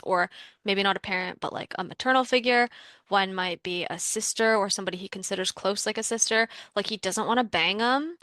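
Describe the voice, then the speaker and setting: A woman's voice: mid-range voice, pushed and bright, dry recording. A young woman from Canada telling a personal story in a casual, chatty way, full of "like" fillers, as a workshop participant.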